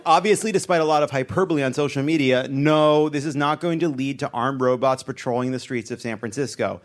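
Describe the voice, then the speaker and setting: A man anchoring a satirical comedy news segment, delivering jokes deadpan and breaking into asides. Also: medium pitch, brisk.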